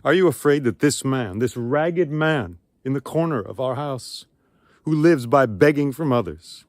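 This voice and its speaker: A man's voice: mid-range voice, lively intonation, unhurried, dry recording, studio quality, natural voice. A man storyteller voicing an earnest young prince pressing his challenge.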